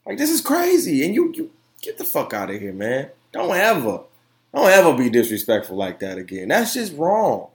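A man's voice: fairly high pitch, wildly swooping pitch, moderate pace. A young man hosting his own opinion podcast, talking emphatically with lots of profanity, repeated phrases and fillers. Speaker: podcast host. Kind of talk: solo opinion podcast rant.

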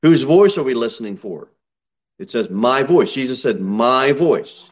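A male pastor delivers a sermon in a church, reading scripture slowly and deliberately. His mid-range voice climbs to loud, high peaks when he drives a point home. The recording sounds a little muffled and lo-fi. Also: big pitch swings. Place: church sanctuary. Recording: slightly dull church recording.

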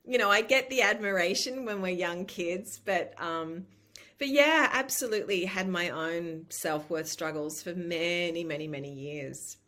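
A woman in her fifties speaks in an Australian accent that has picked up a faint American lilt. She talks openly and animatedly as an interview guest, often restarting her sentences and breaking into laughter, and her voice has a bright edge. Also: lowish voice, a little slow. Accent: Australian with a slight American lilt. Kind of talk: casual conversational interview.

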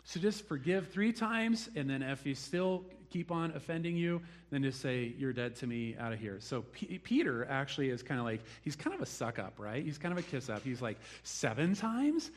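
A man's voice: fairly high pitch, lively intonation, moderate pace, few pauses. A man preaching a sermon, telling the story with animation and acting out the people he quotes. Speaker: pastor.

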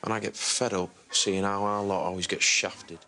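A man's voice: fairly low pitch, flat delivery, normal speed, pushed and bright, a little hiss or hum. An actor playing a bitter young working-class male servant in a period drama, speaking bluntly and resentfully.

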